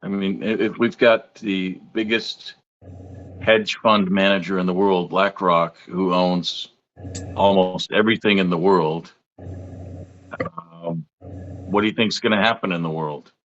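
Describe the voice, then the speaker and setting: A man's voice: sits low, steady tone, measured pace, long pauses, a bit bright. A man in casual conversation, mostly giving short agreeing replies. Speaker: co-host. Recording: dull lo-fi with faint noise.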